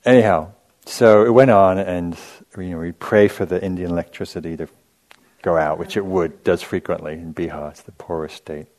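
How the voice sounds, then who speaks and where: A man with a low, deep voice gives a meditation talk, wandering through a personal story with loose asides and easy chuckles. He sounds conversational rather than preachy, like a teacher thinking out loud. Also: fairly even intonation, moderate pace. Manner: casual, chatty storytelling with frequent asides; self-amused, laughs at his own anecdotes. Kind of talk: dharma talk.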